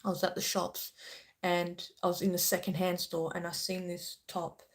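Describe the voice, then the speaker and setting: A woman's voice: fairly low pitch, completely flat delivery, normal speed. A woman hosting a spiritual channel, speaking earnestly and passionately to her viewers, often checking in with "okay?". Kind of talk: emotional spiritual talk to viewers.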